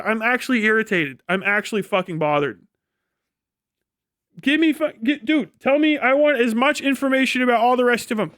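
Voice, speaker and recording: A man's voice: very high-pitched, expressive, a little fast, a bit bright, clear, resonant tone, dry recording, studio quality. A man streaming live, ranting in an exasperated, profane manner with frequent laughs. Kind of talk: livestream rant.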